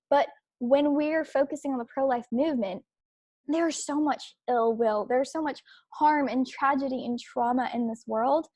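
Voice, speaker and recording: A woman's voice: sits high, moderate pace, dark tone, no room sound. A young adult woman hosting an opinion podcast, talking emphatically and repeating herself, with frequent restarts and fillers. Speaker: podcast host.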